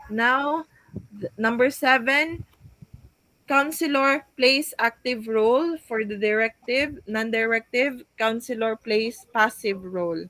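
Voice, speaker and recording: A woman's voice: a little high, a bit bright, no echo, low-quality recording. Hesitant woman giving a report. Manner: hesitant, with many fillers and restarts while reading out points. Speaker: student presenting a class report. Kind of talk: class report presentation.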